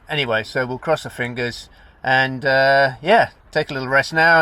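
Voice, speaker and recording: A man's voice: medium pitch, bright, forceful tone. A man talking casually to camera as a cycling vlogger, in a rambling, self-correcting way, from a camper van and the roadside. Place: camper van and outdoors by the road. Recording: noisy outdoor traffic background.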